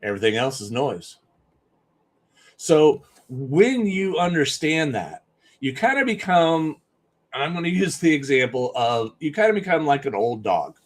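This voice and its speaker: A man's voice: on the high side, sing-song, unhurried. A man giving an emphatic, conversational live-stream talk as a business coach, often repeating points for stress.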